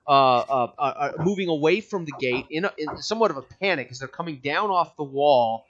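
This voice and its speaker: A man's voice: a little high, expressive, a bit bright, slight background noise. A man running a tabletop game as game master, talking casually with frequent fillers and restarts. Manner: chatty, halting with many fillers. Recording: dull lo-fi mic.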